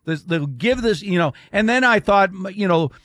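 A middle-aged man co-hosting a sports talk show, emphatic and rapid-fire, repeating his points. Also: sits high, lively intonation, fairly bright tone, no echo, studio quality.

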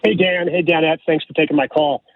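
A man's voice: a little high, steady tone, a little fast, dry recording. A man calling into a sports radio show, telling a story that builds to a joke. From California. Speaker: caller. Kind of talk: phone-in chat. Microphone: phone. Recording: phone line.

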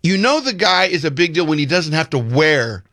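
A man casually telling a long story on a podcast, animated and acting out the people in it. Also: a little high, normal speed, dry recording, studio quality. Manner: animated, acts out voices, rising loudly when quoting himself.

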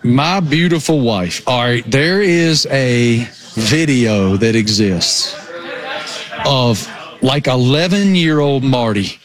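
A man with a rural Appalachian accent, chatting as co-host in an animated, self-mocking way over a remote call. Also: medium pitch, slow pace, a crowd in the background. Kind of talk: casual chat. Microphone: remote call over satellite internet.

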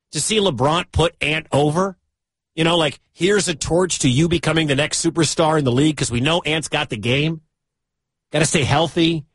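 A man hosting sports talk radio, excitable and given to loud bursts of enthusiasm. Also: fairly high pitch, no room sound.

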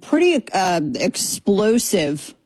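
A woman hosts a radio talk show in a studio, her voice husky and a little breathy. She rambles with fillers, sarcastic and exasperated as she riffs. The sound is dry and close, with no room around it. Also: mid-range voice, very animated, takes it slowly, darkish tone, no echo. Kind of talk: casual opinionated radio talk. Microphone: studio microphone.

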